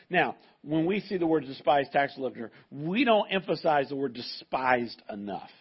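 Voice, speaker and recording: Husky-voiced male pastor preaching. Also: medium pitch, animated, normal speed, few pauses, lo-fi sound. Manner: emphatic, conversational preaching with restarts. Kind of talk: sermon. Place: church service with a live congregation.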